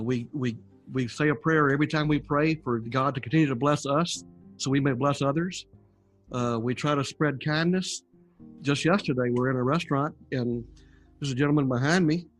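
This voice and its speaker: An older man telling his story in a casual interview, folksy and chuckling as he goes. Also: mid-range voice. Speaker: guest sharing near-death testimony.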